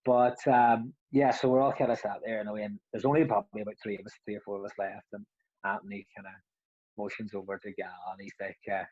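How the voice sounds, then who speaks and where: Husky man telling a story. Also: fairly low pitch, little pitch movement, fast, a little mellow, no room sound, muffled recording. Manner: rambling, laughs often, restarts. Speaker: former footballer, podcast co-host. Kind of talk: casual storytelling.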